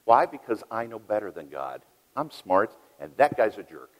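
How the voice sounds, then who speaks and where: A deep-voiced middle-aged man preaching in a big hall where his words ring out with a long echo. He tells his story with loud peaks and hushed, quiet asides, the way a pastor talks from the pulpit. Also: sing-song, moderate pace. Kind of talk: sermon. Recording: long reverb of a large hall.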